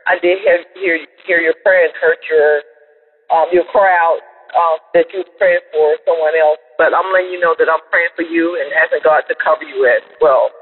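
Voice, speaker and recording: An older man asks for prayer in an earnest, halting voicemail full of fillers. His voice is slightly husky and pitched a bit high. The phone line is thin and echoes. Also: steady tone. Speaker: caller. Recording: tinny phone line with reverb.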